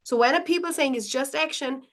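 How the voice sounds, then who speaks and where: A woman with a fairly high voice coaches a live online session on money mindset. She teaches earnestly, repeats her key points and slips into little acted-out examples to make them land. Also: a little fast, fairly bright tone.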